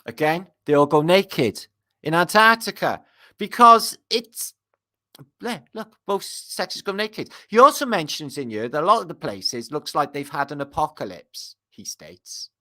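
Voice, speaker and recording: A man reads passages from an old book and keeps interrupting himself with eager, rambling remarks to his audience. His voice is bright and forceful, and his talk is loose and full of ums and restarts. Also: on the high side, unhurried. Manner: excitable and rambling, with many fillers and asides to viewers. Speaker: video host reading from an old book. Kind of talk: casual commentary while reading aloud.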